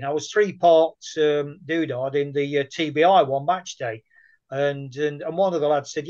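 A man's voice: fairly high pitch, normal speed. A man telling anecdotes in a casual conversation, chatty and rambling. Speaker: guest. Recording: muffled lo-fi audio.

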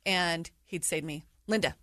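A middle-aged woman telling a personal story in an interview, animated and laughing through hard memories. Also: lowish voice, moderate pace, no echo, studio quality. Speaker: guest sharing her story. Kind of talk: candid interview conversation.

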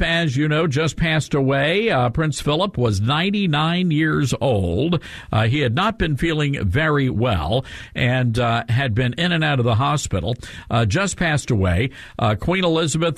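A man hosting a radio talk show, upbeat and jokey, often filling pauses with uh. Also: on the high side, no echo, studio quality. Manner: jokey, upbeat, many filler uhs. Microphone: studio mic.

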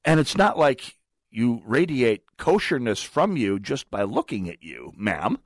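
A male talk radio host holds forth in a sardonic, rambling monologue full of wry asides. His pitch swings widely as he speaks. The studio sound is dry and close. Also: big pitch swings, measured pace, no echo. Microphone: studio microphone.

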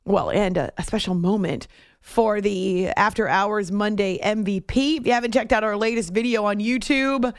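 A woman's voice: mid-range voice, moderate pace, clear, resonant tone, dry recording. Woman, sports radio host, chatty and self-deprecating, dry studio sound. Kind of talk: late-night sports radio talk. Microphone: studio microphone.

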